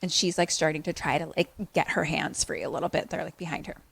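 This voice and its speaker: A young woman co-hosts a podcast and recaps a film scene by scene, with a fairly low voice. She is animated and profane, and she slips into the characters' lines. The sound is close and dry. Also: fast talker, vocal fry, breathy edge, no room sound. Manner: animated, swearing, acts out movie lines. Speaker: podcast co-host. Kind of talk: casual movie recap chat.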